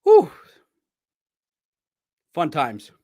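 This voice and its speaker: A man hosting a sports podcast, chatting casually and telling animated stories with frequent laughter. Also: fairly high pitch, extremely slow. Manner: animated storyteller, laughs often, mimics shouting. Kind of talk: casual livestream chat.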